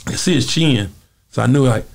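A man being interviewed, telling animated stories in a casual way and acting out the voices. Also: mid-range voice, a little fast. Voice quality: gravelly, raspy. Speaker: interview guest. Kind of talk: casual storytelling.

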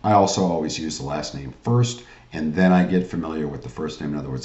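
A man's voice: a bass voice, fast talker, few pauses, warm tone, echoey room, muffled recording. A man giving a sales training lecture in a pushy pep-talk manner, often asking "right?" and calling the audience "guys.".

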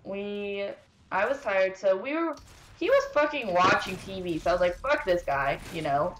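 A young woman rambles through a profane storytime while she plays a game, her voice animated and full of frustration. The room rings with echo, and faint noise sits under her voice. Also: medium pitch, normal speed. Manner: rambling, heavy swearing, animated venting. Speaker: gaming streamer.

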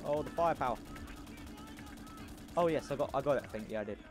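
A man commenting on a war game he plays, loud and goofy, repeating battle cries. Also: mid-range voice, expressive, fast talker. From not American. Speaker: gameplay commentator. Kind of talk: casual gameplay commentary. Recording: noisy with game gunfire behind. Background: game gunfire and engine noise.

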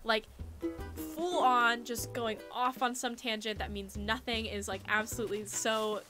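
A woman's voice: fairly high pitch, steady tone, a little slow, over music. A young American woman, a musician streaming a game, chatting casually and rambling through stories between frequent laughs. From United States. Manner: chatty, rambling storyteller who often laughs. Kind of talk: casual chat while gaming.

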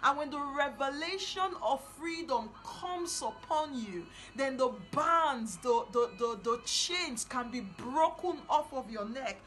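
A woman preaching a sermon, fervent and emphatic, repeating lines for stress and building to loud declarations. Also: high-pitched, animated, slow, hardly any pauses, poor audio.

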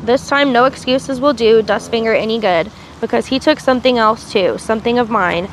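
A woman's voice: a little high, moderate pace. Woman reading a novel aloud, faint traffic. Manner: reads with small slips and restarts, asides in between. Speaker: reader.

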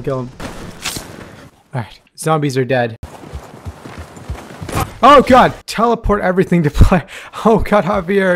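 Excitable man doing game commentary. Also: on the high side, gravelly, a little hiss or hum. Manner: excitable, frequent laughs and exclamations. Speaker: gaming YouTuber. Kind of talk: let's play commentary.

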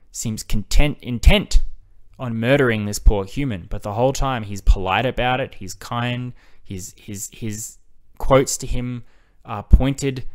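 A man hosting a film analysis video, talking in a casual, enthusiastic way and swearing now and then. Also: mid-range voice.

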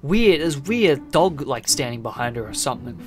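Man giving animated, jokey game commentary. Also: medium pitch, moderate pace, soft background music. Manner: jokey, rambling running commentary. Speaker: gaming video creator. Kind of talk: playing and reading a visual novel aloud.

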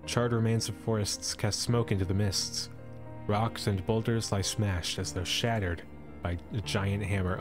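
A man's voice: fairly low pitch, steady tone, a little slow. Brief: male streamer narrating a storybook, casual jokey asides, faint music under him. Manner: playful asides and laughs between narration. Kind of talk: reading a storybook aloud to a live stream.

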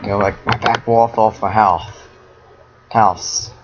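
A young man giving casual, excitable commentary while playing a game and talking to his viewers. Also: on the low side, measured pace, noisy background. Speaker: gamer. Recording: dull lo-fi home recording.

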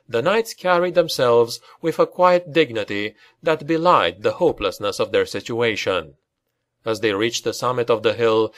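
Grave man narrating dark fantasy. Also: mid-range voice. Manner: dramatic, grave storytelling. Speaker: audiobook narrator. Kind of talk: dramatic fantasy audiobook narration.

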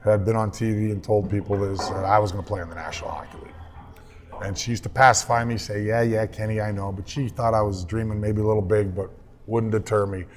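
A man's voice: lowish voice, fast talker, slight background noise. A man in his fifties, a guest telling emotional stories in an interview. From Canada. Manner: emotional, lively storyteller. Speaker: guest, hockey analyst. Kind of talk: storytelling interview.

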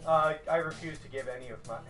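A man's voice: mid-range voice, fast talker, sharp tone, faint music behind. A man talking casually while playing a video game, full of "like" fillers. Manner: filler-heavy, says "like" often. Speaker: let's play commentator. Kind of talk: casual gameplay chat, reading game dialogue aloud.

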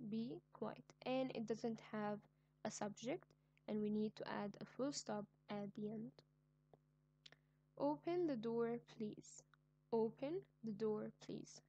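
A woman teaching an online grammar lesson, speaking slowly and clearly and repeating each example sentence. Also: fairly high pitch, warm tone. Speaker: English teacher.

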